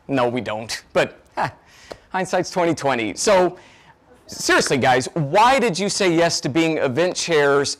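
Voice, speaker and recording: A man's voice: on the high side, a bit bright. A man hosting a virtual fundraising event, effusive and full of thanks. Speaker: event host.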